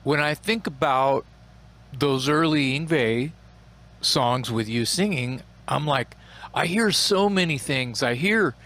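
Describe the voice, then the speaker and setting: A man's voice: medium pitch, a bit bright. A man hosting a podcast, chatting casually with enthusiasm and swearing freely. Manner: enthusiastic, profane, quick to jump in. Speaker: podcast host. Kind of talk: casual chat.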